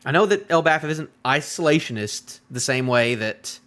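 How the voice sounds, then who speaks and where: A man with a voice on the higher side talks at a normal pace during a laid-back stream, reacting to a manga chapter. Lively and rambling, he keeps talking to the people in his chat.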